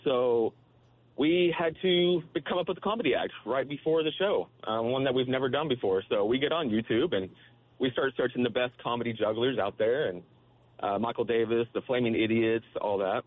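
An easygoing man calls in and tells his story in a relaxed, unhurried way. His voice is mid-pitched and comes through thin, like a phone call. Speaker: caller. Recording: tinny phone line.

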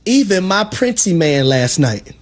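A man co-hosting sports talk radio with a high, swooping voice. He preaches playfully and tells his stories with exuberant, animated quoting. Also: measured pace.

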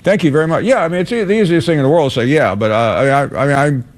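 A man hosting a sports talk radio show, answering callers in a measured, hesitant way with frequent fillers. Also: on the high side.

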